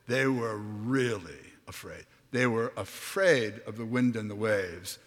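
Male preacher, slow and forceful, dramatic scripture reading, big reverberant church hall. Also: animated. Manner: dramatic, swings from hushed to booming when reading scripture. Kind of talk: sermon.

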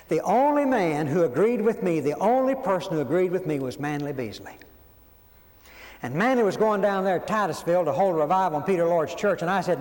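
A man, preaching a sermon as folksy, animated storytelling and acting out quoted voices. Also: high-pitched, fairly quick. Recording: long hall reverb, faint background noise.

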